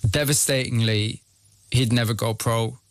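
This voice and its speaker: A man presenting a radio feature, narrating a scripted story and asking a guest measured, empathetic questions. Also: medium pitch, fairly even intonation, no room sound.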